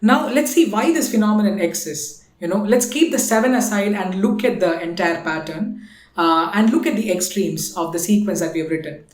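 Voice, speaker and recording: A music teacher with an Indian English accent patiently explains a rhythm lesson, counting it out and reciting konnakol syllables. Her medium-pitched voice is expressive and moderately paced, with a roomy sound.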